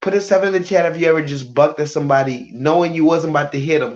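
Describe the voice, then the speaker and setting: A woman's voice: low voice, quick pace, hardly any pauses, darkish tone. A woman hosting a live-stream reaction, brash and profane, talking straight to her chat. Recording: muffled lo-fi stream audio.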